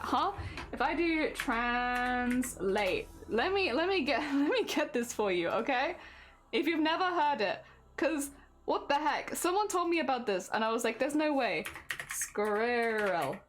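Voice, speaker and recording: A woman's voice: sits high, very animated, moderate pace, slight background noise. A young woman streaming casually, chatting and giggling with her viewers while she crafts at home. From Britain. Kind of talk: casual live-stream chat.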